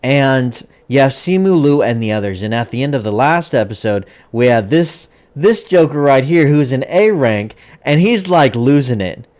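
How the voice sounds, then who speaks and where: Man, casual anime recap, rambling, self-correcting, lively up-and-down pitch, mid-range voice. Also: moderate pace, few pauses.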